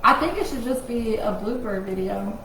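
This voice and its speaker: A woman's voice: fairly high pitch, animated, moderate pace, slight background noise. Laughing, teasing woman in an echoey room. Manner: loud, laughs often, teasing. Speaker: co-host of a live chat show. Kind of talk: casual chat.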